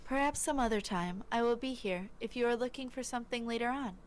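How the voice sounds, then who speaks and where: Lady doing a polite gentle bird café owner guy, formal, kinda high voice. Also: brisk, slight background noise, close to an everyday voice. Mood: courteous. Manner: courteous, formal.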